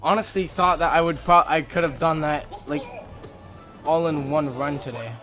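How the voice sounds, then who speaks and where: A young man commentating while playing a video game, excitable and swearing, swinging between low mutters and loud outbursts. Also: normal speed, soft background music. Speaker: gaming video creator. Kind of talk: let's play commentary.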